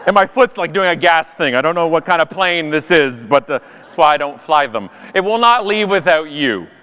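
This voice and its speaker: A man giving a comedic storytelling talk on a live event stage, animated and self-mocking with punchy timing. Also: a little high, moderate pace, clear, resonant tone, big-room sound. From Canada. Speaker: conference speaker.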